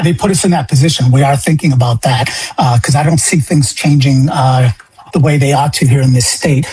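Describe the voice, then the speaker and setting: A man's voice: a little high, a little mellow, husky, poor audio. A middle-aged man from Illinois, a guest on a talk radio show, speaking indignantly with stammering restarts. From Illinois, USA. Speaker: guest caller.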